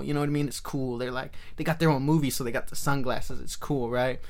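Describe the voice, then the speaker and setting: A young man talking casually about a movie on a podcast, excitable and profane, with many restarts. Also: mid-range voice, fast, few pauses. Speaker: movie reviewer guest.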